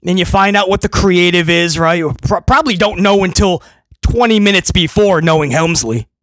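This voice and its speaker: Brief: high-voiced male reviewer, animated and sarcastic, dry close-mic sound. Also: normal speed, no room sound. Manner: animated, mocking impressions and quips. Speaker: wrestling show reviewer. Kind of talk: casual commentary.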